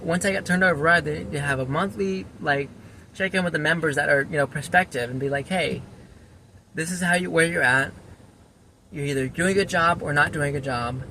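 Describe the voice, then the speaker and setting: A man's voice: a little high, sharp tone, slight background noise. A man ranting in a casual vlog about being let down by his volunteer fire station, rambling and restarting his sentences. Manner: frustrated, rambling with frequent restarts. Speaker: former volunteer firefighter and EMT. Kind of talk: casual personal vlog monologue.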